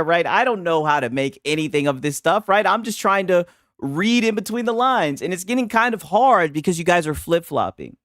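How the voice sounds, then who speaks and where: Dry, sharp-tongued mocking streamer man. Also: a little high, no room sound. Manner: mocking, profane, reads chat aloud. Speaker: streamer host reacting to clips. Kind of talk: casual live-stream commentary.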